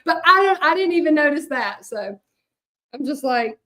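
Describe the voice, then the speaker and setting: A middle-aged hand-lettering artist from Louisiana chats casually with viewers during a craft livestream, rambling with many fillers in her Southern accent. Her voice is high, expressive and sharp, slow with frequent pauses.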